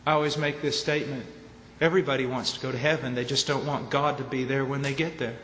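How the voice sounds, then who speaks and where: A man preaching at a conference, emphatic, ranging from low, quiet statements to shouted points. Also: fairly even intonation, quick pace. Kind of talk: conference sermon. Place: large conference hall. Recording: echoey hall with faint noise.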